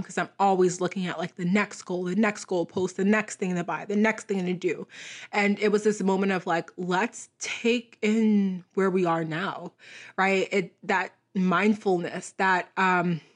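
A young adult woman hosting a solo podcast, talking in a chatty, reflective way and leaning on "like" as a filler. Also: medium pitch. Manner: chatty and reflective, heavy use of "like". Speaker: podcast host.

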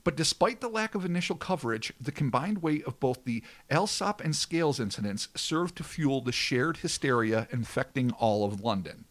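A man's voice: mid-range voice, lively intonation, moderate pace, hardly any pauses, fairly bright tone. A man hosting a podcast, reading a scripted history segment with dramatic flair between crude joking banter. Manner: dramatic narration with swearing banter.

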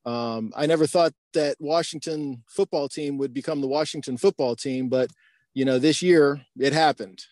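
A man's voice: a little high, moderate pace, a little mellow, no echo. A man co-hosting a podcast, talking casually and reflectively with many fillers. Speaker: podcast co-host. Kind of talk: casual chat.

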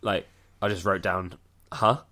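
A man's voice: mid-range voice, lively intonation, normal speed, noisy background. Wry man joking about films. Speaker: podcast co-host reviewing films. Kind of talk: casual chat.

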